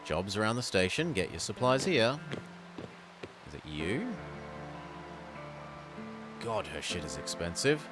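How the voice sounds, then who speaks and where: A male game streamer with a low voice that swings widely as he reads on-screen text and chats between lines. Game music plays clearly under him. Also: big pitch swings, slow, pauses often. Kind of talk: casual game let's play with dialogue read aloud.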